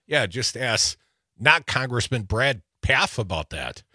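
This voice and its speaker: A man's voice: medium pitch, very animated, slow, pushed and bright, no room sound, clean studio sound. A man from Wisconsin co-hosting a political talk radio show, running through the news with wry, teasing asides.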